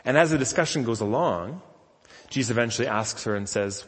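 A man's voice: medium pitch, lively intonation, brisk. A man giving a conversational sermon with self-deprecating storytelling. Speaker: pastor. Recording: long reverb of a large hall.

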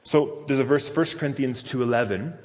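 A man's voice: mid-range voice, fairly quick, darkish tone. A man giving a conversational sermon with self-deprecating storytelling. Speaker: pastor. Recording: long reverb of a large hall.

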